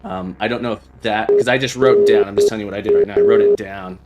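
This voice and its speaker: Lively low-voiced man thinking aloud. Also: very fast, loud music behind the voice, low-quality recording. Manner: thinks aloud, sounding out Morse code beeps. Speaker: livestream host playing a viewer's game. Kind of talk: casual livestream chat while playing.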